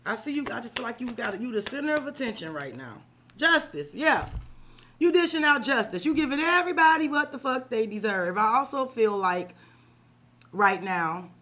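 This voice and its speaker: This woman reads tarot on a live stream, her mid-range voice fairly bright. She talks to the client directly in casual, profane slang, often checking in with a "right?"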